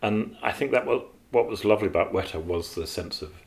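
A man with a very low voice recalls his years as an animator in a relaxed interview. He wanders through his stories, trailing off with ums and starting over mid-sentence. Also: fairly quick. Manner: rambling, with many fillers and restarts. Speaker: animator guest. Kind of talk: interview storytelling.

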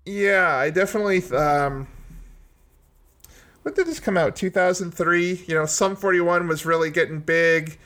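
A man's voice: high-pitched, normal speed, a bit bright. A man co-hosting a casual music podcast, rambling and hedging as he thinks aloud. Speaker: podcast co-host.

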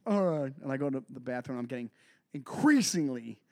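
This podcast co-host has a medium-pitched male voice and talks fairly quickly. In casual chat on a comedy podcast, he's an animated storyteller who acts out the voices in his stories.

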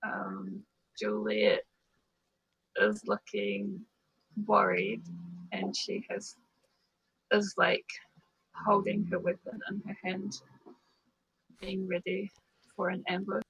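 A man playing in a tabletop game, describing his character slowly and haltingly. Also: sits high, vocal fry, fairly bright tone, breathy edge, no room sound, low-quality recording. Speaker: player.

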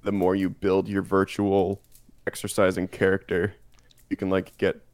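A man's voice: low-pitched, completely flat delivery, normal speed, darkish tone, no echo. A young man from Canada co-hosting a podcast, chatting casually and hesitantly, thinking aloud with many fillers. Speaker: podcast co-host. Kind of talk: casual chat.

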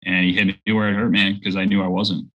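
A man's voice: low voice, flat delivery, fast talker, muffled recording. A man in his thirties earnestly telling a personal faith story as an interview guest. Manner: earnest storytelling, acts out quoted voices. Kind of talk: personal testimony in conversation.

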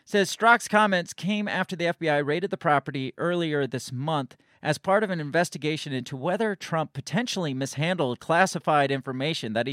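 A man's voice: on the high side, a bit bright, no echo, studio quality. A man hosting casual political commentary, sarcastic and rambling, often restarting his sentences and reading news excerpts aloud.

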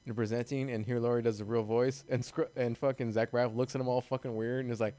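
A man in a relaxed podcast conversation who swears freely and laughs as he talks. His voice sits at an ordinary pitch and is recorded dry and close, with no room sound. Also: fast, dry recording. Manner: loose, swears a lot, laughs often. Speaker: podcast co-host. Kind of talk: casual chat.

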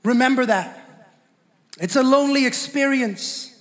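A man with an unusually high voice preaches with fervent repetition, often turning to the congregation with questions. His sermon rings out with a long reverb trailing through the church hall. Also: measured pace, a bit bright.

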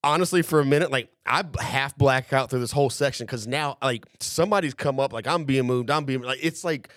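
A young man spins a long, profane anecdote in a loose, rambling way. His voice sits at an ordinary middle pitch. The room sounds dry and close. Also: fairly quick, no echo. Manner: profane, rambling, animated storyteller. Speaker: podcast host. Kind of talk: casual storytelling.

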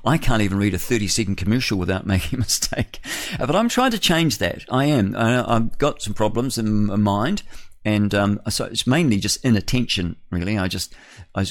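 A man's voice: fairly low pitch, fairly quick. A male radio host delivering a rambling, opinionated solo monologue in a studio, often chuckling at his own remarks.

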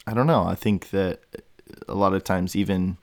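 Hiccuping throughout, a male podcast host meanders through a solo show, restarting often and leaning on fillers. His voice sits low with a darkish tone, fairly even intonation, and normal speed, and there's no echo.

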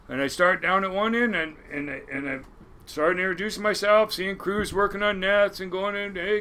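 A man's voice: high voice, bright, forceful tone. A man, telling a rambling, profane fishing story in casual conversation and acting out the voices of the people in it. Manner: rambling, profane, laughs often, acts out voices. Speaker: storyteller guest.

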